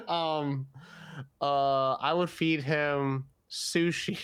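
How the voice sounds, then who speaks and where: A man's voice: fairly high pitch, steady tone, drawn-out words, a bit bright, clean tone. A man co-hosting a casual podcast chat, making crude jokes and acting out quoted voices. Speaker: podcast co-host.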